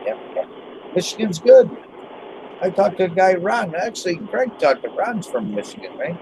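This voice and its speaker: Lively, laughing man on a noisy call. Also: high-pitched, normal speed. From Western New York. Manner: laughing, animated. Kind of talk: casual group chat.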